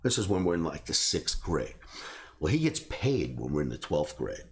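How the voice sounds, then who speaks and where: A man hosting a trading show, telling a personal story in a casual, animated way and laughing between beats. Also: very deep voice, normal speed. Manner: animated, laughs through his own stories. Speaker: trading academy host.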